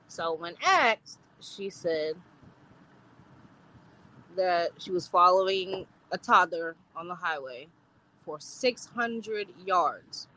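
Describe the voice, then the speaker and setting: Blunt, bright-voiced woman co-host. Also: lowish voice, low-quality recording. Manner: blunt, animated storytelling, swearing. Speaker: podcast co-host. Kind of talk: casual podcast chat.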